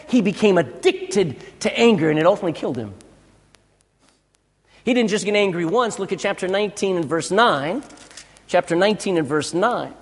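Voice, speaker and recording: Brief: male pastor mid-sermon, high voice that leaps up and down, emphatic, long reverb of a large church hall. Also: slightly rough. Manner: emphatic, rhetorical questions.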